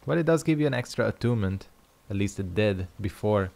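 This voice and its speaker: A man's voice: on the low side, expressive, fairly quick, vocal fry, darkish tone. A young man casually commenting on his own gameplay, swearing and joking to himself. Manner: swears freely, jokes to himself. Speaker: gaming video host.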